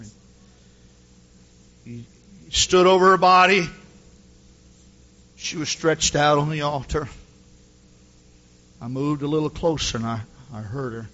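A man preaching with fervor, his voice bright and pitched a bit high. He tells stories from the pulpit and climbs to shouts at the peaks. The old recording sounds dull and muffled. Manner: impassioned preaching, rising to shouts when quoting. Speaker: pastor. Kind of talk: sermon.

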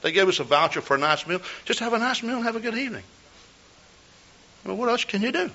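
A man's voice: high voice, expressive, fast talker, bright, forceful tone. An older man preaching a sermon as a pastor, telling a folksy story with repeated words and restarts. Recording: dull lo-fi recording.

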